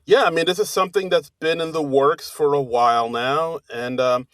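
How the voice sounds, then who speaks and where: A man's voice: a little high, moderate pace, fairly bright tone, dry recording. A man from New Jersey co-hosting a podcast, talking casually in a rambling way with restarts and fillers. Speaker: podcast co-host. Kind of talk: casual chat.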